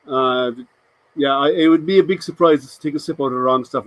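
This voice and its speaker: Male streamer, chatty and halting, answers chat, slightly high voice, dry room. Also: no room sound, poor audio. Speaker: live stream host. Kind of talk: casual live stream chat.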